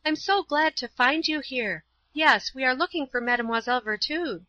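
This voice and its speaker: A woman's voice: a little high, animated, moderate pace, bright, forceful tone, no echo, pitched above the performer's own voice. A woman reading aloud voices a pious, kind-hearted schoolgirl in a raised, eager, pleading tone. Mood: eager, anxious. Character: earnest pious schoolgirl, timid but kind. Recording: slightly dull, dry.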